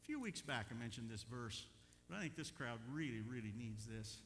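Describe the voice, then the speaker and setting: Animated folksy preacher man, lively pitch. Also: fairly quick, long reverb tail, a little hiss or hum. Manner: folksy and animated, chuckling between points. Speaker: pastor. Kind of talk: sermon.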